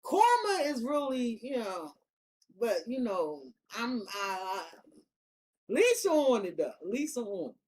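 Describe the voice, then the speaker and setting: A woman's voice: on the high side, very animated, slow, a little mellow. A woman giving a casual tarot reading, talking bluntly with heavy slang and swearing. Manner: blunt, profane, slangy and emphatic. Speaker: tarot reader.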